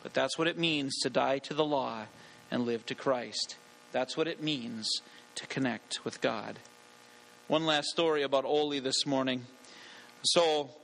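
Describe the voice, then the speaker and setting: A male pastor giving a sermon in an earnest, deliberate way, slowing down on key phrases, then leading a prayer. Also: on the high side, fairly bright tone, poor audio.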